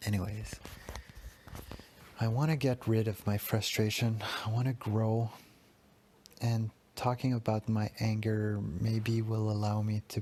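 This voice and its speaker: A man's voice: on the low side, darkish tone. A man in his thirties hosting a solo confessional podcast, talking in a raw, self-critical way and swearing often. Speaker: podcast host.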